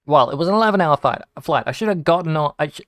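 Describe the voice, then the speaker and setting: A young Australian man rambles through casual stories, swearing and restarting his sentences as he goes. His voice is smooth and clear, recorded close and dry with no room sound. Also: a little high, animated, rapid-fire, fairly bright tone, no room sound. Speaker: video game streamer. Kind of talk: casual storytelling while gaming.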